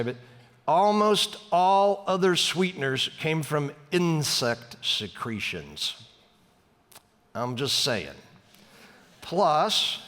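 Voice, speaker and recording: A pastor gives a sermon in a church sanctuary in a fairly high voice for a man. He talks in a loose, conversational way and drags out key words for effect, with a long reverb trailing behind him. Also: fairly bright tone. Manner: conversational, storytelling with dramatic slowdowns.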